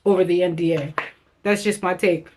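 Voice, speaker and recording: A woman's voice: lowish voice, fairly even intonation, normal speed, darkish tone, a little hiss or hum. A woman beauty vlogger giving a casual, enthusiastic product review, chatting directly to her viewers.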